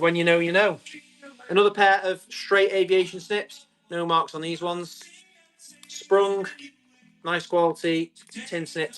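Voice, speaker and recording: A man, selling tools on a live stream, chatty and quick to describe each item and call out the bids. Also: on the high side, a bit bright. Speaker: live auction seller.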